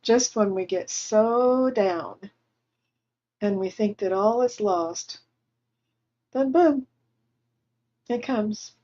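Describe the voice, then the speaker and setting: Woman medium, gentle and consoling, relaying spirit messages slowly in a warm, soft voice over muffled stream audio. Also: medium pitch. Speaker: spiritual medium hosting a livestream. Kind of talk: channeling spirit messages to viewers. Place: at home.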